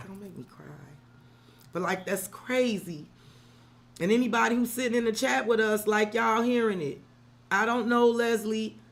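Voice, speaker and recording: A woman's voice: on the high side, a bit bright. Woman doing tarot on a livestream, emotional, curses a lot, calls everyone girl and sis. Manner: candid, emotional, swears freely; talks straight to viewers, calls them girl and sis. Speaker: tarot reader. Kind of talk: live-stream tarot reading and chat.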